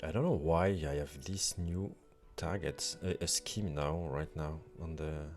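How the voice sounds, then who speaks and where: A developer live-coding on stream comments on his work in a rumbling low voice, speaking a little slowly. He often gets frustrated and swears at his tools, with faint music playing behind him.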